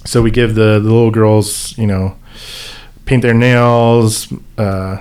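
A man tells a story in a loose, rambling way, stopping and restarting with plenty of fillers. His voice sits a little low. He speaks as a volunteer who organizes events. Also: flat delivery, takes it slowly, a little mellow. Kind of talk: casual storytelling.

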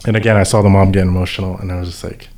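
A man tells a story in a loose, rambling way, stopping and restarting with plenty of fillers. His voice sits a little low. He speaks as a volunteer who organizes events. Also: flat delivery, racing, a little mellow. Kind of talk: casual storytelling.

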